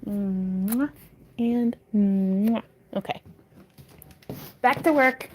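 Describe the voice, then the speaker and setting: Woman host, chatty craft stream, home craft room, mid-pitched voice. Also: extremely slow, pauses often, darkish tone, a little hiss or hum. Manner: chatty, slips into whispered baby talk with pets. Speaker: livestream host selling crafts. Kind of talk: casual livestream chat.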